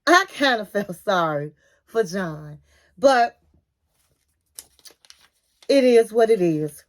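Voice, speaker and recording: Recapping reality TV in a relaxed way, this woman speaks slowly with a mid-range voice. She brings scenes to life with animated retelling, performs the quotes herself, and adds chatty side comments.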